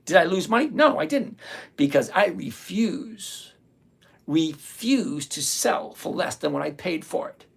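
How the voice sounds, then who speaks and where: Blunt, gravelly older livestream trading host. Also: mid-range voice, very animated, a little slow. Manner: blunt, sarcastic, repeats himself for emphasis. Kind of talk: live-stream chat reading viewer comments.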